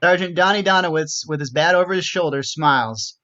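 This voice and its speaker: A man's voice: on the high side, a little fast, bright, forceful tone. A man reading stage directions aloud in a script reading, in a matter-of-fact way. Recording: dull lo-fi recording.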